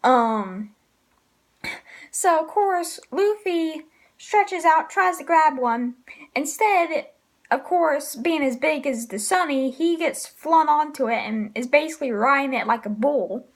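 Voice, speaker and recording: Woman, high and unhurried delivery, chatty manga reviewer, filler-heavy and giggly. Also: animated. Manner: rambling, full of ums and likes, laughs often. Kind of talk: casual spoken review.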